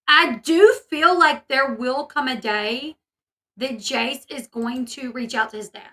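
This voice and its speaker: A woman's voice: high voice, unhurried, bright, forceful tone, recorded from a distance, low-quality recording. A woman hosting a casual commentary video, chatty and opinionated with many fillers. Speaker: commentary channel host.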